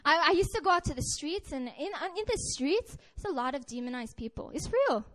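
Woman, high-pitched, earnest sermon, conversational, personal testimony, frequent restarts. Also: expressive, a little fast, fairly bright tone. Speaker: preacher.

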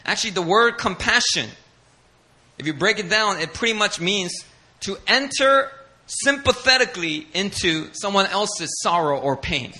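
A male pastor preaching with a bright, sharp, ringing voice. He speaks higher than most men and drives his points home with repetition. His delivery swells with fervor as he builds. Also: expressive, normal speed. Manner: passionate, emphatic, building intensity with repetition. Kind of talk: sermon.

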